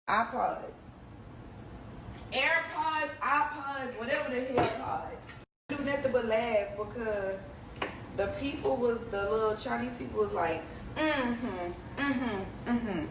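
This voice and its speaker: Woman, slightly high voice, casual animated storyteller, slangy and direct, noisy recording. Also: measured pace. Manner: animated, slangy, talks straight to the audience. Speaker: reality show personality telling a story. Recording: background noise under the voice.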